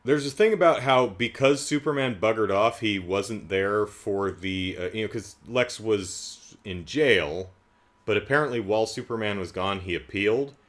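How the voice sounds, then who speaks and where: A man's voice: on the low side, moderate pace. A man giving a casual, comedic movie recap in a sarcastic, incredulous way, rambling with asides. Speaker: movie reviewer.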